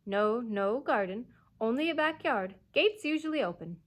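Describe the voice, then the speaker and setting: A woman's voice: fairly high pitch, animated, moderate pace. A woman voicing a prim, haughty nanny who answers in short, curt phrases. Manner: clipped and haughty.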